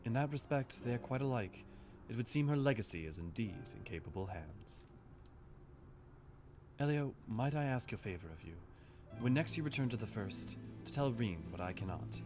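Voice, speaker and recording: A man reading as a soft, solemn woman mentor. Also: medium pitch, lively intonation, moderate pace, soft background music, lightly acted.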